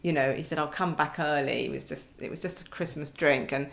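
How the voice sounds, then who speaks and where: A woman's voice: sits low, fairly even intonation, a little fast, creaky. A woman in her forties chatting as a podcast guest, wry and self-mocking, often laughing as she talks. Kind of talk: casual chat.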